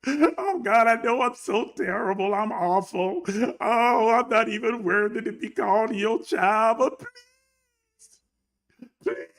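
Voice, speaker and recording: A man's voice: high voice, slow, fairly bright tone, full character voice. A man voicing a groveling, self-pitying churchgoer who begs and wails for blessings. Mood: whimpering begging. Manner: whining, wailing pleas.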